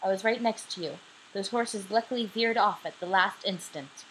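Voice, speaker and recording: A woman's voice: medium pitch, moderate pace, a bit bright, slight background noise, close to an everyday voice, low-quality recording. A young woman reading the lines of a pleading young woman in a home-recorded storybook.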